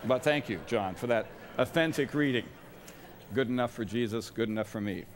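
A man's voice: mid-range voice, moderate pace, noisy background. A middle-aged man giving a sermon as a guest chapel speaker, with wry, self-deprecating humor. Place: large college chapel. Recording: long reverb of a large chapel.

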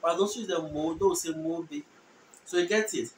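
A man giving a casual language lesson, repeating short phrases slowly so learners can follow. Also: a little high. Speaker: language teacher. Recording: echoey room, distant mic, faint noise.

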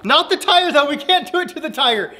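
A dad playing make-believe with his kids outdoors on a farm, talking in an animated, playfully dramatic way. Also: very high voice, a little fast. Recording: noisy outdoor recording.

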